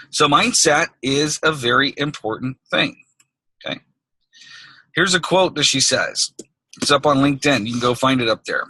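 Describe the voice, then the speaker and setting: A man's voice: fairly high pitch, pushed and bright, husky, no echo, low-quality recording. A man coaching business owners on a group call, talking in an emphatic, conversational way and checking in with "okay?" between points. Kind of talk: recorded group call teaching.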